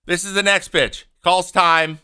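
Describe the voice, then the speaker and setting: A man in his thirties giving animated, opinionated casual commentary over game footage, acting out what the players say. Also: high voice, measured pace, clean tone. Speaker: podcast host and former pitcher.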